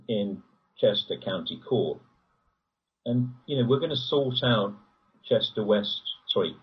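A man with a very husky, breathy voice and a fairly low pitch, caught from a distance on a dull lo-fi recording. He talks in long rambling runs, his pitch leaping up whenever he presses a point. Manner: rambling, animated, pitch jumps when emphatic. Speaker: guest. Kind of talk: conversational interview.

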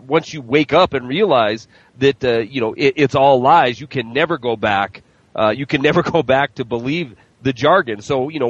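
A military veteran speaking as a guest in a casual political chat, halting with many restarts and fillers. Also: male voice, mid-range voice, highs cut off.

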